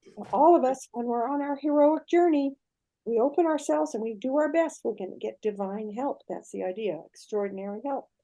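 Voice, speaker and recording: An older woman telling a myth with lively, animated storytelling, often pausing to check in with her listener. Her voice sits high but stays mellow and warm rather than bright. She talks the way a guest does on a relaxed podcast interview.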